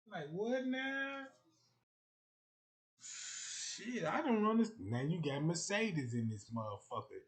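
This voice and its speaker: Animated young man rambling on a livestream. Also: high-pitched, slow, long pauses. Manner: loose, rambling, acts out quoted voices. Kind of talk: casual livestream rant.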